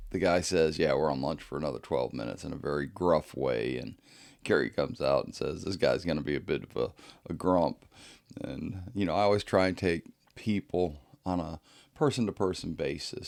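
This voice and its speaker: Man, podcast host, very low voice, gravelly, easygoing storytelling, chuckles often. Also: a little mellow. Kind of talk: casual storytelling monologue.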